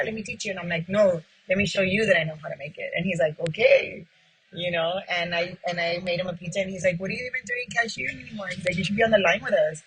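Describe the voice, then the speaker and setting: In poor audio with slight background noise, a woman who runs a pizzeria speaks in a lowish, somewhat bright voice. Recounting her story for an interview, she plays both parts of old conversations, sprinkling in lots of casual "like"s.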